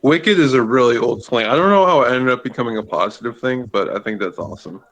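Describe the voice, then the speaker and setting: A man's voice: medium pitch, expressive, quick pace, fairly bright tone, rough recording. Laid-back man with a Boston accent. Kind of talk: casual chat.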